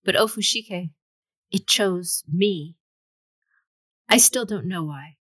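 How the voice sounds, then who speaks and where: A woman voicing a calm, distant young warrior woman who speaks in measured tones. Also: on the low side, husky, no room sound, heavily acted. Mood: gentle.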